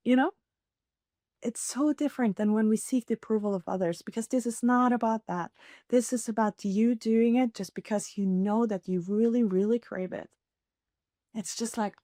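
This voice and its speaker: Woman hosting her own podcast, earnest and encouraging, mid pitch, chatty, laughs a lot. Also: normal speed, no room sound, studio quality. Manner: earnest, encouraging, laughs often, many fillers. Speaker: podcast host. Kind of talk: casual solo podcast talk.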